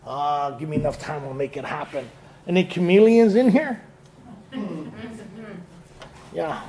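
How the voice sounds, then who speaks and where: Gravelly man telling his recovery story. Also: on the high side, unhurried, warm tone. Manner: storytelling with laughs and acted-out quotes. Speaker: AA speaker. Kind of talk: recovery talk to a group.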